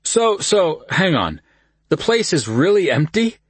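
A man voicing a boisterous young man who teases his cousin loudly, higher than his own voice. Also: moderate pace, slightly rough, no room sound. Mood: tipsy teasing. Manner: loud, excited, mocking.

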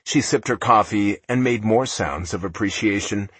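A man narrating a romance audiobook in an expressive, steady storytelling voice. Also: lowish voice, moderate pace, slightly rough, no room sound. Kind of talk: scripted narration.

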